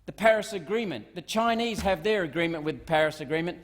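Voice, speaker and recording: A middle-aged Australian senator speaks in a parliament chamber, his voice on the high side, expressive and quick. He delivers a combative speech, firing off one rhetorical question after another. The large chamber gives the recording a long reverb.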